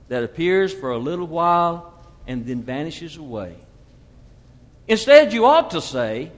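Expressive preacher in his fifties. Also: sits high, a little slow, long reverb tail. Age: 50s. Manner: expressive preaching, sweeping from loud emphasis to hushed asides. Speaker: pastor. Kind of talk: sermon.

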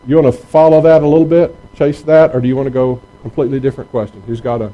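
A man's voice: mid-range voice, little pitch movement, fast talker, muffled recording, a little hiss or hum. A middle-aged man, speaking earnestly and conversationally to parents in a question-and-answer talk, often restarting his phrases. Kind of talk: informal talk with audience questions.

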